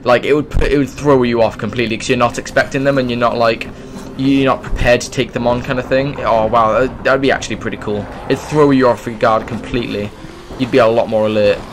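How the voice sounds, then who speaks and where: A man's voice: medium pitch, fairly even intonation, fairly quick, hardly any pauses, background noise. A man doing casual let's play commentary, rambling along with sudden exclamations. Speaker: gaming YouTuber.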